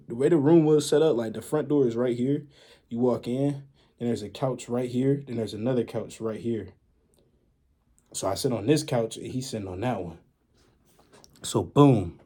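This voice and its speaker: A young man in a casual storytime vlog, retelling events in an animated, slangy, dramatic way with a husky voice. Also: mid-range voice. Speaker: vlogger.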